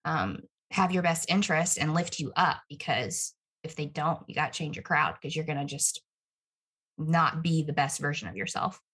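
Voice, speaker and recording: A young woman chatting casually, bubbly and quick to laugh. Her voice sits a little low and has a husky, breathy edge. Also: fairly bright tone. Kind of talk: casual chat.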